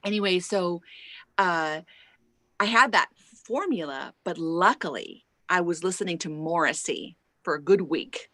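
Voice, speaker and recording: A woman's voice: lowish voice, unhurried, no echo. A woman singer and songwriter, a guest in an online interview, telling stories animatedly and acting out what people said, on a lapel mic. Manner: animated, acts out quotes with laughs. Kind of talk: casual storytelling in an online interview.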